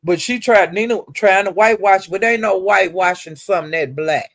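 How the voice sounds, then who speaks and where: A woman's voice: medium pitch, fairly quick, a bit bright, dry recording. A woman gossiping on a casual livestream, sassy and profane, with drawling "well, honey" asides. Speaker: livestream commentator.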